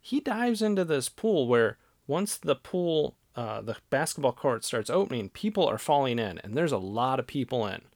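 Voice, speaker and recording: A woman's voice: extremely low pitch, very animated, normal speed, few pauses, a little mellow, no echo, studio quality. A woman co-hosting a casual podcast, who retells movie scenes in a laid-back, agreeable way. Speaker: podcast co-host. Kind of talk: casual movie-review chat.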